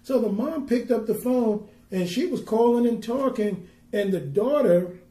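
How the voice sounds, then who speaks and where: A man who works as a minister, telling a faith story earnestly and reading scripture slowly and with weight. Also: extremely high pitch, warm tone, reverberant. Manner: tells a story earnestly, then reads scripture slowly and emphatically. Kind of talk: preaching and storytelling on a podcast.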